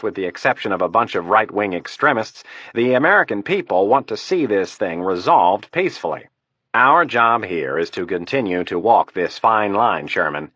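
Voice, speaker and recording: A man's voice: on the low side, fairly bright tone, husky, dry recording. A man voicing a crude, scheming male political aide who talks with confident coarseness.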